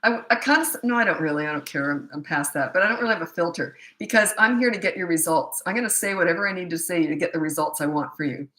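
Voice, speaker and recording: A woman's voice: on the low side, quick pace, few pauses, a bit bright. A middle-aged woman parenting coach answering questions bluntly, with no filter and a habit of laughing at herself. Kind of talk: live Q&A answering viewer questions.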